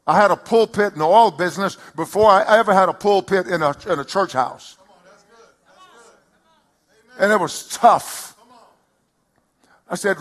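Middle-aged male pastor, higher-pitched, preaches with emphatic swells. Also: moderate pace, long pauses. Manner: emphatic preaching, rising loud on key lines. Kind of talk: sermon.

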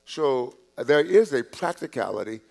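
Speaking at a moderate pace with a slightly creaky, mid-pitched voice, a male pastor preaches from the pulpit with lively intonation. His talk to the congregation is conversational, full of repetitions and restarts, dropping to soft asides and rising whenever he emphasizes something.

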